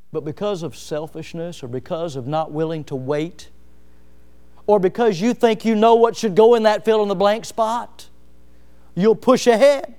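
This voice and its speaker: Impassioned middle-aged male preacher, smooth voice. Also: darkish tone. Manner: impassioned, rising to emphatic peaks then dropping low. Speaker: pastor. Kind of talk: sermon.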